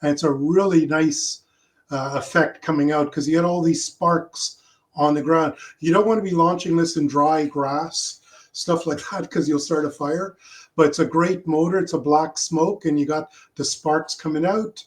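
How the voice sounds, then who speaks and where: A man presenting his rocket launch slides in a casual talk over a video call, halting often with fillers and restarts. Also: fairly high pitch, steady tone.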